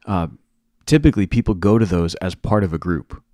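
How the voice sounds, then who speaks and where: A man with a somewhat low voice co-hosts a relaxed podcast chat, explaining things earnestly and circling back on his own sentences. His voice sounds close and dry, with no room around it. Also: brisk, no echo. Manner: earnest, rambling explanations with many restarts. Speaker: podcast co-host, youth minister and teacher.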